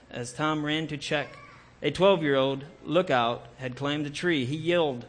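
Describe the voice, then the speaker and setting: Earnest male storyteller, slightly high voice. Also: normal speed. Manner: earnest, with occasional self-corrections. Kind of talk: dramatic historical storytelling.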